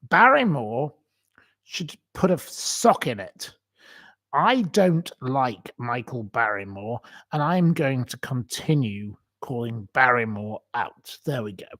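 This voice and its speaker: Slow, indignant ranting man. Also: mid-range voice, sing-song, fairly bright tone. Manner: indignant, ranting, repeats himself. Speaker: live-stream host reading viewer comments. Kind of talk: emotional live-stream rant.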